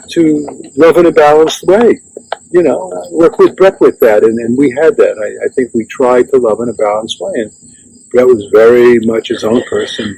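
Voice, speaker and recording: A man's voice: on the high side, mellow, slight background noise, low-quality recording. An older man gives a memorial speech about his son, rambling and reflective, with many restarts and asides. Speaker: father giving a eulogy.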